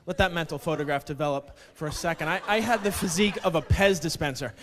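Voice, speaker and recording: A man doing a stand-up comedy set on a club stage, deadpan and self-deprecating, slipping into mock quotes. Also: fairly high pitch, fast. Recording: club stage with long reverb, faint noise.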